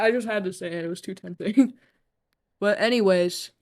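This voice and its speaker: A young woman talks off the cuff while she plays a game on a live stream. Her voice sits at an ordinary middle pitch. She rambles through loose, filler-heavy sentences, swears casually and jokes at her own expense. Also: moderate pace, darkish tone.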